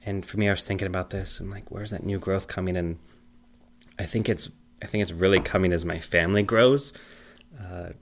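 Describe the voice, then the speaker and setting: A man in his thirties chatting casually and rambling, telling family stories with animated, high-pitched quoted voices. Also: fairly quick. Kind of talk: casual chat.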